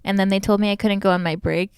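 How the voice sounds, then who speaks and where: A woman's voice: medium pitch, fairly even intonation, fast, a little mellow, clean tone, no echo, clean studio sound. A woman hosting a casual interview podcast, telling stories animatedly, laughing often and swearing freely. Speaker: podcast host.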